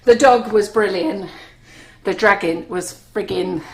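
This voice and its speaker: Here a woman with a medium-pitched voice and measured delivery chats her way through a live cake decorating demo. She giggles a lot and pokes fun at herself, and the kitchen studio recording sounds echoey with a little background noise.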